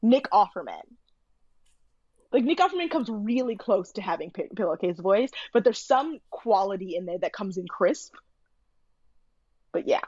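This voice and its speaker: Animated, opinionated woman chatting. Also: medium pitch, normal speed, pauses often, breathy edge, no echo, lo-fi sound. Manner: animated, opinionated, lots of fillers. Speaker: podcast co-host. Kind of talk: casual chat recapping a TV show.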